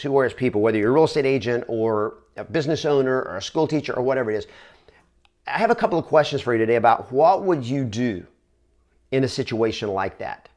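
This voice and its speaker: He's a real estate trainer recounting an inspiring story for the camera. His pitch sits in the middle, and he talks earnestly and conversationally, frequently starting over mid-thought.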